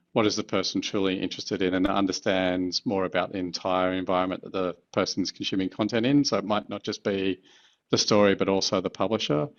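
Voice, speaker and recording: A man working as an advertising executive, answering interview questions in a measured, thoughtful way with the odd filler. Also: low voice, dull audio.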